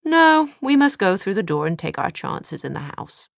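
A woman's voice: mid-range voice, big pitch swings, normal speed, creaky, no room sound, voice pushed up. A woman voicing a cheerful, flippant young British man with a dry, mocking manner, read from a novel. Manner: teasing, dryly mocking.

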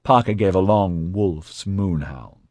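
A man narrating an audiobook in an expressive, scripted reading. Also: low-pitched, slow, no room sound, clean studio sound.

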